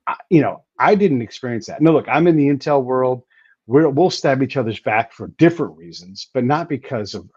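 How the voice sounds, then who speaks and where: A man hosting a casual conversation, telling stories emphatically and talking in quick bursts. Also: medium pitch, darkish tone, husky, dry recording. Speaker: podcast host. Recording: dull lo-fi recording.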